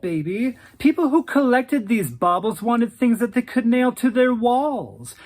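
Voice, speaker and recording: A campy, sassy storyteller narrates in the first person with a diva's swagger, tossing in "honey" and "darling." The voice swoops up and down through a wide, lively pitch range, sitting in the middle of the register. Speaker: narrator speaking as the oral-history subject.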